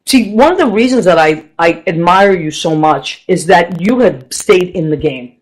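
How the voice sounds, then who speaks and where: A middle-aged woman from Boston hosting a radio talk show, chatty and excitable, laughing often. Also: on the low side, normal speed, low-quality recording. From Boston, Massachusetts. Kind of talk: casual chat.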